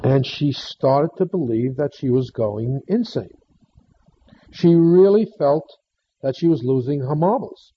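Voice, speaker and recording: A man telling a story to an audience in short, unhurried phrases, pausing for emphasis. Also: mid-range voice, lively intonation, slightly rough. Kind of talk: storytelling talk. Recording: dull lo-fi recording.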